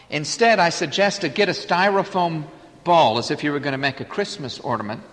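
A man preaching a sermon, emphatic, swinging between loud declarations and quiet asides. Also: sits high. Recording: hall reverb.

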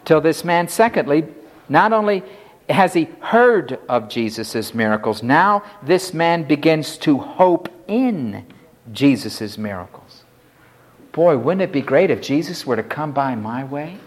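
A man's voice: on the high side, very animated, measured pace. A man preaching an expository sermon with dramatic emphasis, acting out the pleas of the figures in the text. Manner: dramatic, voices the leper's pleas.

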